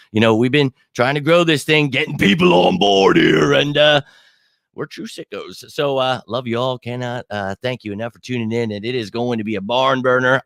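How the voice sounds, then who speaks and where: An excitable man in his thirties hosts a live sports stream in casual chat, swearing freely and filling gaps with "uh" and "you know". His voice sits at an ordinary middle pitch. The sound is dry and close, with no room echo. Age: 30s. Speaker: sports show host.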